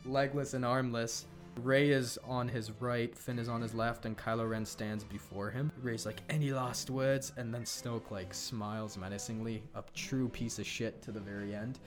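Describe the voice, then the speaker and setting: A man casually retelling a film story as a podcast co-host, laughing often and tossing in quick character quotes. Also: medium pitch, little pitch movement, music in the background. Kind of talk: casual animated storytelling chat.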